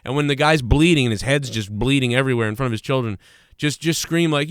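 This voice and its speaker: A man's voice: mid-range voice, fast, clear, resonant tone, no echo, clean studio sound. A man hosting a live talk show, ranting crudely and mimicking voices as he tells stories. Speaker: podcast host. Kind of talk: casual talk show banter.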